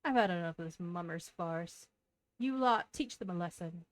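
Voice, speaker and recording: A woman's voice: lowish voice, normal speed, lightly acted, poor audio. A woman voicing a greedy, bullying male merchant who sneers and threatens in a game. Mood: sneering.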